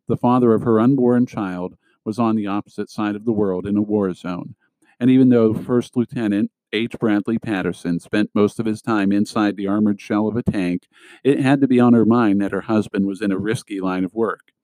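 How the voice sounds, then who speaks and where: Low-voiced man reading a novel aloud. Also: fairly even intonation, normal speed, dark tone, dry recording, poor audio. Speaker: audiobook reader. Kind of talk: scripted narration of a novel.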